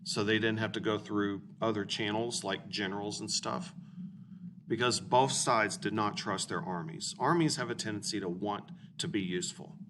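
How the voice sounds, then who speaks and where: A blunt, informal male history teacher in his forties with a fairly low voice. He is recorded from a distance, with steady room noise under the lecture. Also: normal speed. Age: 40s. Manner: blunt, informal, checks in with "okay?".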